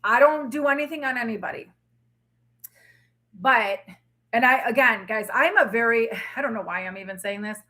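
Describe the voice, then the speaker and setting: A woman's voice: a little high, normal speed, long pauses, bright, forceful tone. A middle-aged woman hosting a tarot livestream, telling a story in casual, emphatic chat. She sounds tired, with a drained throat. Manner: storytelling, emphatic, candid with occasional swearing. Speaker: tarot reader livestream host.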